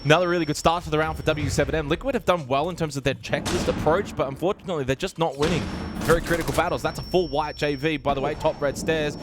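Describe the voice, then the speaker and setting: A man giving quick, energetic play-by-play for a live esports match. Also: on the high side, background noise. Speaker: esports caster. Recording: broadcast mix with game gunfire behind.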